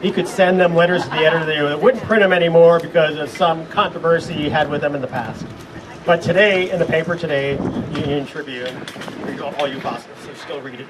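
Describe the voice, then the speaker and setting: A man's voice: fairly high pitch, brisk. Man telling stories from afar. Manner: rambling, chuckling between stories. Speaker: speaker at a memorial gathering. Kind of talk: informal eulogy anecdotes. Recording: distant mic with noise behind.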